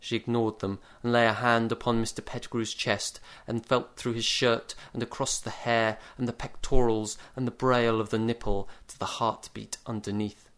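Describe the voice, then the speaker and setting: A man narrating a comic short story in a dry, measured deadpan. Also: medium pitch. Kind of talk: story reading.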